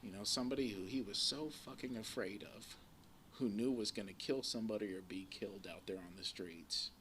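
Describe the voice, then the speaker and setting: This live recording captures a man in his forties at a recovery meeting in a community center room, telling his story to the audience in a blunt, rambling way full of swearing. He speaks briskly, his voice fairly low and fairly bright, with slight background noise.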